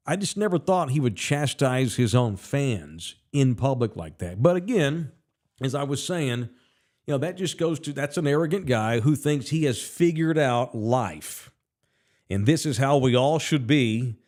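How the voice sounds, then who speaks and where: A man's voice: mid-range voice, darkish tone. A man hosting a sports talk show, ranting in a blunt, heated, profane way and reading out listener comments. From Texas. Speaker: sports radio host. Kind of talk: casual opinionated sports talk.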